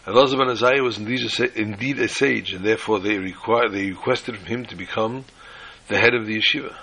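Gravelly storytelling man preaching. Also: on the low side, fast, sharp tone, rough recording. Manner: storytelling, uses Hebrew and Yiddish terms, restarts often. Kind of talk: sermon with a told joke.

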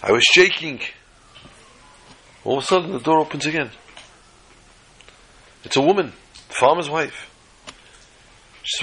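A man telling a religious tale in a sermon, animated and dramatic, with a husky voice. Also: a little high, moderate pace, long pauses, low-quality recording. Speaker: religious storyteller. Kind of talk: storytelling sermon.

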